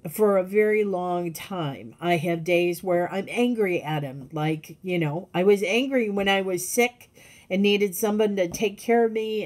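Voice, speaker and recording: A woman speaking candidly in a personal video diary, halting often and restarting her sentences. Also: lowish voice, darkish tone. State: tearful. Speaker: vlogger.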